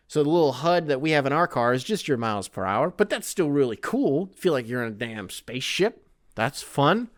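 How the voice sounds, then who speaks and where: A man in his thirties hosting a podcast, rambling through a comedic monologue with lots of profanity. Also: mid-range voice. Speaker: podcast host.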